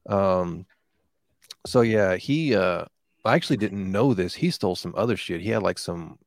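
A man's voice: deep voice, moderate pace, creaky, no echo, clean studio sound. A man in casual chat, telling a rambling, profane story with lots of fillers.

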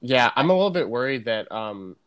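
A man's voice: mid-range voice, sing-song, fairly quick, fairly bright tone, smooth, dry recording. A man co-hosting a podcast, chatting casually and rambling with restarts. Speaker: podcast co-host. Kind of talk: casual chat.

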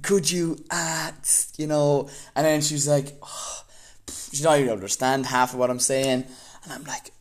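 A young Irish man telling a story casually, animated and laughing as he goes. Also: on the high side, measured pace. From Ireland.

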